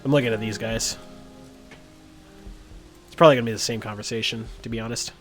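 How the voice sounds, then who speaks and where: A man's voice: on the low side, steady tone, fairly quick, soft background music. A man streaming a role-playing game live, chatting casually with lots of fillers and reading game text aloud. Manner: rambling, lots of uhs and ums.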